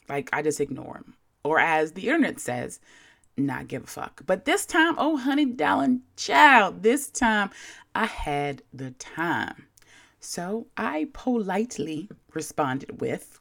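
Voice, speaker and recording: Woman, gravelly, lively swooping voice, sassy podcast storyteller. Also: on the low side, slow pace. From Baltimore. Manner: sassy, sarcastic, dramatic. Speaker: podcast host. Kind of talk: casual storytelling monologue.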